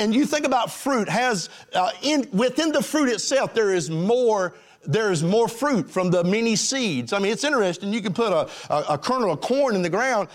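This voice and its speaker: A male pastor preaching a sermon to his congregation in a folksy, direct way. His voice sits high and leaps about, rising to emphatic peaks and dropping to hushed lows. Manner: animated preaching, swinging between high emphatic lines and low hushed ones.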